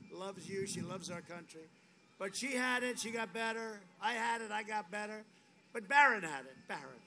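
A man giving a rambling, boastful rally speech outdoors, full of repetition and asides. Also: high voice. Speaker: political speaker at a rally. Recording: noisy outdoor rally audio.

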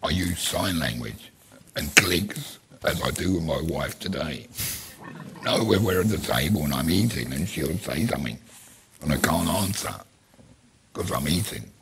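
A man's voice: a bass voice, lively intonation, unhurried, fairly bright tone, a little hiss or hum. A man with a London accent speaking plainly and with determination on a conference panel. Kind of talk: casual panel discussion.

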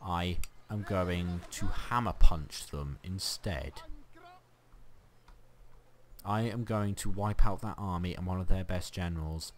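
A man's voice: deep voice, a little slow, few pauses, a little hiss or hum. A man giving chatty, sarcastic running commentary on a strategy game he is playing. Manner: chatty, sarcastic, mock-exasperated. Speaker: let's play host.

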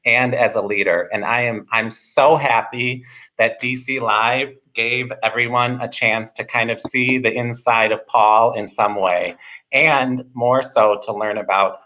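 A man hosting a live interview show, with a bright, forceful voice and an effusive, upbeat manner. His audio comes through muffled and lo-fi, as though over a modest stream connection. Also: mid-range voice, steady tone, unhurried. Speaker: host.

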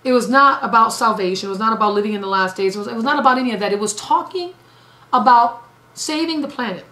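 A woman's voice: mid-range voice, animated, rapid-fire, sharp tone. A woman evangelist preaching a sermon emphatically, repeating phrases for stress. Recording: roomy echo.

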